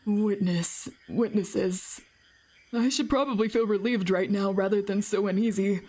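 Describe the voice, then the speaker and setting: A woman's voice: medium pitch, measured pace, mellow, pitched below the performer's own voice, natural voice. Woman voicing an anxious, overthinking young man. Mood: uneasy. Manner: worried inner monologue, overthinking.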